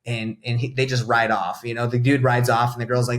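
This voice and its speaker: Speaking at a medium pitch, a little fast and with hardly any pauses, this young Atlanta man is a guest on a podcast. The real estate investor narrates casually and performs quoted dialogue with animated, lively swings.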